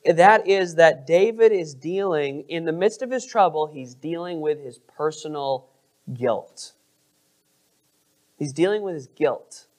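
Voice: mid-range voice, measured pace, a little mellow. A pastor preaching a sermon, asking the congregation questions and stressing words expressively.

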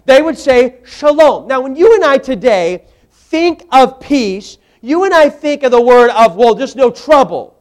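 High-voiced preacher delivering a sermon. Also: male voice, sing-song, unhurried. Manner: emphatic, repeats words for stress, asks the audience questions.

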